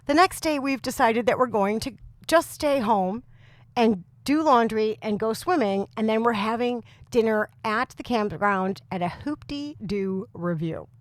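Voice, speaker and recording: A woman in her thirties or forties with a very loud voice, co-hosting a podcast and telling a comic story with lots of laughs and exasperation. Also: on the high side, animated, unhurried, no room sound. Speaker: podcast co-host. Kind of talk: casual chat, comic storytelling.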